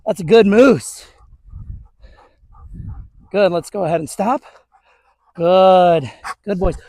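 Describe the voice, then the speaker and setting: High-voiced male dog trainer outdoors. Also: slow, darkish tone, dry recording. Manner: upbeat, chatty, talks to viewers while praising dogs. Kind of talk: hands-on training demonstration. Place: outdoors on a suburban street.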